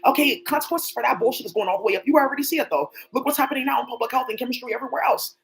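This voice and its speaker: A woman's voice: sits high, creaky, low-quality recording. A woman hosting her own channel, speaking in a rambling, profane, off-the-cuff monologue and addressing people who are not there. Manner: rapid, profane, talks to unseen people. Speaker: channel host.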